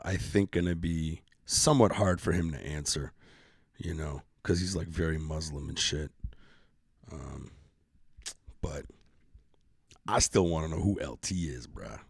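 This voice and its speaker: A man's voice: lowish voice, no echo, clean studio sound. A middle-aged man hosting a casual live-stream podcast, joking around in loose, profane banter. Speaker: podcast host.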